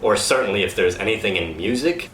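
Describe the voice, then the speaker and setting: A man coaching a cast on dialect sounds in an upbeat, casual way, slowing down to demonstrate each sound. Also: fairly low pitch, animated, a bit bright. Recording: echoey room, faint noise.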